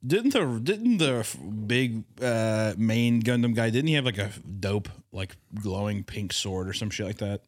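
A man's voice: fairly low pitch, expressive, unhurried, few pauses, no room sound, studio quality. A man hosting a podcast in casual chat, rambling and teasing his friends with frequent laughter and swearing. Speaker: podcast host.

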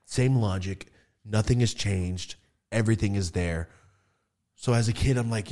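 Animated low-voiced man telling stories. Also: fairly quick. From California. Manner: animated, swearing, acts out voices with laughs. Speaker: podcast host. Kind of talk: casual storytelling chat.

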